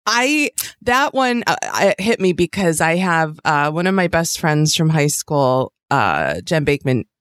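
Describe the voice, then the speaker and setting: A woman's voice: low-pitched, big pitch swings, measured pace, fairly bright tone, dry recording. A woman co-hosting a podcast in casual chat, rambling and trailing off mid-thought. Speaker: podcast co-host.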